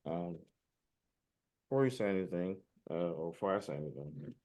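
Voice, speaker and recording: A man joining a talk show as a guest, speaking in a halting, hesitant way over a remote line. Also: deep voice, lively intonation, mellow. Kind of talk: casual chat.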